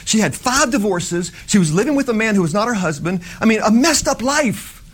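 A middle-aged man delivers a loose, conversational sermon in a voice pitched a little above the usual for men. He talks to his listeners as if chatting, then lifts into fervent emphasis on the points that matter to him. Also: animated, fairly quick. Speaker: preacher. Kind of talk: informal sermon.

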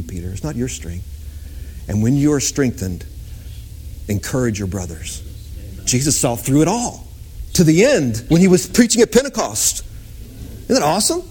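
A man preaching a sermon, animated, swinging between high excited exclamations and low hushed tones. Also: a little fast, slightly rough. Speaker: pastor.

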